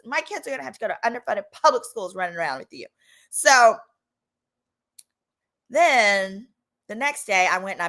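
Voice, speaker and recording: A woman in her thirties hosts a channel and tells a long personal story in a sassy, animated way. Her voice is bright and a little high, and she slips into other people's voices for the quotes. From Texas. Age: 30s. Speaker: legal commentary host. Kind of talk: casual storytelling.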